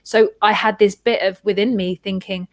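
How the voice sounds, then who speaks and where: A woman hosting a casual conversation, telling a personal story in a chatty, animated way with many restarts and acted-out quotes. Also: medium pitch, moderate pace, no echo, studio quality. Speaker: host.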